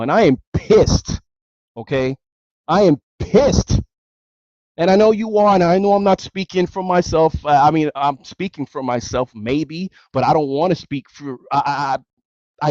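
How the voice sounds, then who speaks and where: A man's voice: fairly high pitch, darkish tone, dry recording, highs cut off. A man hosting a sports talk show, ranting angrily and emphatically with lots of repetition. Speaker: sports radio show host. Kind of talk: heated sports talk rant.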